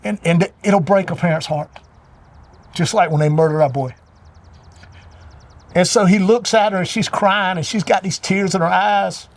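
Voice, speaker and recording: High-voiced man preaching a parable. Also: moderate pace, long pauses. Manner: earnest, preacherly storytelling. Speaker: show regular giving a motivational talk. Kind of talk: parable-style motivational talk.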